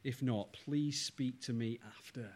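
A male pastor preaching a sermon, speaking in slow, emphatic phrases and often asking the congregation rhetorical questions. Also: medium pitch, fairly even intonation, breathy edge.

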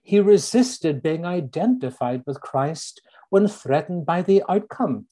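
A middle-aged man from Northern Ireland with a Northern Irish accent, preaching a sermon and slowly repeating his key lines for emphasis. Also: fairly high pitch, animated, dark tone.

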